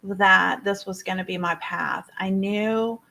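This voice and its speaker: A woman, a personal development coach, telling a personal story to an audience in an expressive way, full of fillers and repeated words. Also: mid-range voice, slow, vocal fry.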